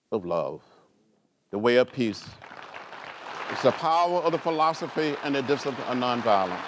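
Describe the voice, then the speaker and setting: At an indoor gala, a man from rural Alabama in his seventies gives an award speech that shifts from storytelling into rousing oratory. He speaks with the cadence of a preacher, repeating phrases that climb higher and letting his pitch swing widely.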